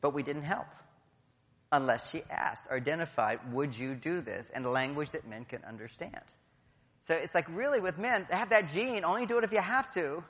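A man's voice: fairly high pitch, brisk, a bit bright. Joking man speaking in a reverberant hall. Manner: playful, jokey, acts out quotes. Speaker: speaker at a conference. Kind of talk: motivational talk to a live audience. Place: large hall.

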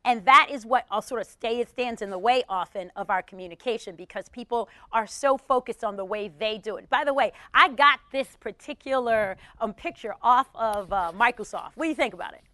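A middle-aged woman talks to an audience in a high, bright voice. She is animated and punchy, and she tells stories while playing with the crowd. The sound is dry and close. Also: brisk, few pauses, no echo. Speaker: speaker addressing an audience. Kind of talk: conversational talk with storytelling.

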